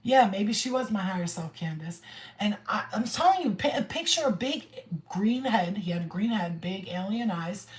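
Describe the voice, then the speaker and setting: A woman chatting casually on a spiritual livestream, excitable and slangy, swearing freely. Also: mid-range voice, normal speed, echoey room, rough recording.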